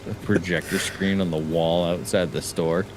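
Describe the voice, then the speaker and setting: A man's voice: low-pitched, little pitch movement, normal speed, slight background noise. A man in his thirties chatting casually while gaming, with dry, easygoing banter.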